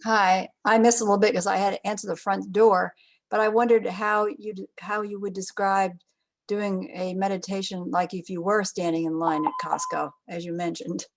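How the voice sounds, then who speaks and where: A woman taking part in an online workshop, asking a hesitant, halting question over a video call. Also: mid-range voice, level tone, gravelly. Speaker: workshop participant. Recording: noisy video call audio.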